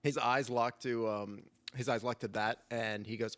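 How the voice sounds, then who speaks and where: A man running a tabletop game, narrating in a loose and rambling way with lots of fillers. His voice sits at an ordinary middle pitch. The sound is dry and close. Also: fairly even intonation, moderate pace, hardly any pauses, fairly bright tone, dry recording. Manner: rambling, full of fillers, laughing often. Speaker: game master.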